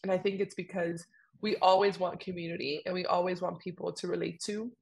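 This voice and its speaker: Speaking in a fairly low, creaky voice at a fairly quick clip, a young woman co-hosts a podcast. The conversation is casual and animated, and she leans heavily on fillers.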